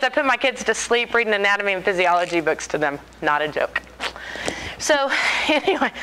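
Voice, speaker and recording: A woman in her forties telling stories to an audience, animated and joking, laughing often. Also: mid-range voice, noisy background. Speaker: speaker. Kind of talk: storytelling talk to an audience.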